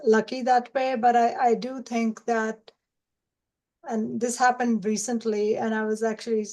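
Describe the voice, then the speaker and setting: A woman on a discussion panel speaks thoughtfully at a fairly high pitch, often hesitating. Her pace is unhurried. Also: dark tone, low-quality recording. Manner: thoughtful, with frequent "um".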